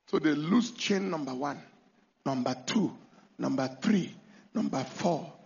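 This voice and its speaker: A man preaching a sermon, telling a story dramatically and bursting into shouted commands. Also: a little high, lively intonation, unhurried, vocal fry, pauses often. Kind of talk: sermon with testimony. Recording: dull lo-fi recording.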